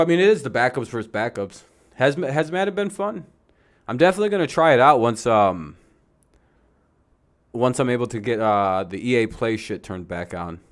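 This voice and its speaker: A man with a lowish, clear, resonant voice hosts a live stream watch-along. His commentary is laid-back and profane as he calls out the downs and the time remaining.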